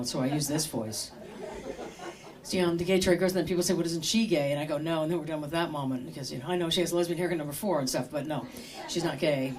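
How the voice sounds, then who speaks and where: A middle-aged woman doing stand-up comedy at a live show in a store, wry and chatty, working the crowd with questions. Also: deep voice.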